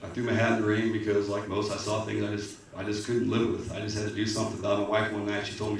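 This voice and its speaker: A man's voice: lowish voice, monotone, fast talker, hardly any pauses. A man giving an earnest, emotional candidate's speech at a public forum, often restarting his sentences. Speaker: political candidate. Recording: echoey hall from far off, faint noise.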